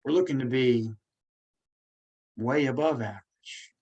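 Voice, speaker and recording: A man's voice: mid-range voice, measured pace, a little mellow, muffled recording. A man hosting a podcast, talking casually and encouragingly while he stutters, repeating words and restarting. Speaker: podcast host.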